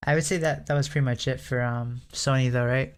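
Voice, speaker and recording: Smooth, even-voiced man whose voice cracks. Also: mid-range voice, brisk. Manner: voice prone to cracking. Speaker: podcast co-host. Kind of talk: casual chat about video games.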